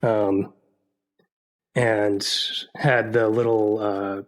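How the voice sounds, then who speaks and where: A man's voice: on the low side, little pitch movement, drawn-out words. Rambling laid-back male podcast host. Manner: rambling, laughs often, many fillers. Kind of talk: casual chat.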